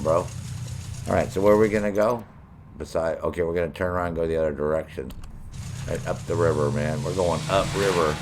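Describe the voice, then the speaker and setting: A middle-aged man streaming a video game, joking and swearing as he banters with his chat. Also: sits low. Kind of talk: live gameplay commentary.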